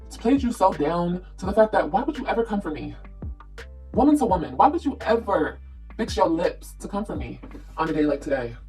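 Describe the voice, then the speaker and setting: A woman's voice: lowish voice, very animated, fairly quick, dark tone. Woman vlogger, confrontational and profane, ranting over music. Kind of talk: ranting live video.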